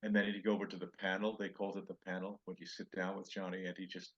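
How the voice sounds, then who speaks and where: A man's voice: low voice, flat delivery, fast, breathy edge, lo-fi sound. An older male comedian telling road stories in a podcast interview, acting out other people's lines in raised voices. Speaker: comedian guest.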